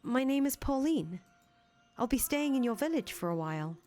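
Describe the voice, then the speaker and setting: In a fan voice acting of a visual novel, a woman voices an earnest young foreign traveler who chats away and stammers when nervous. Her voice is high-pitched, very animated, and a little mellow at a normal speed, pitched above her own natural voice.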